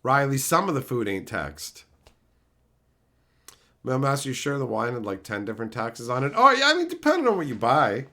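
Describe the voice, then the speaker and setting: A middle-aged man ranting sarcastically at his live chat in casual, profane talk, breaking into loud mocking outbursts. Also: medium pitch, sing-song, normal speed. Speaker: streamer reading live chat.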